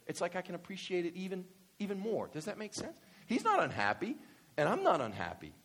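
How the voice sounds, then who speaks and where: A man preaching a sermon as pastor, animated, swinging from quiet explanation to loud excited bursts. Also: medium pitch.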